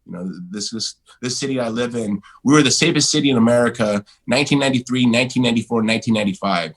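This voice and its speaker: A man in his forties, a guest in a casual interview, telling stories in a blunt, animated way and swearing freely. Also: mid-range voice, quick pace, rough recording.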